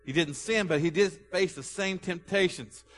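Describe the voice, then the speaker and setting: A man pastor preaching a sermon to his congregation, asking questions for them to answer and reading scripture aloud slowly with emphasis. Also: high-pitched. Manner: call-and-response questions to the congregation. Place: church sanctuary. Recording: long hall reverb.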